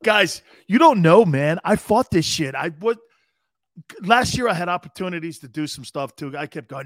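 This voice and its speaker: A man in his fifties hosting a live show, chatting casually as an animated storyteller who chuckles often. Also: on the high side, normal speed, dry recording, clean studio sound. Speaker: show host. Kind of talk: casual livestream talk.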